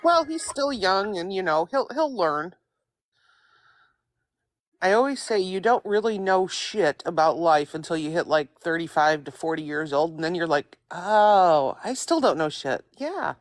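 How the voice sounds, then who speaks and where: A woman in casual chat, blunt and quick to laugh, swearing casually. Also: on the low side, lively intonation.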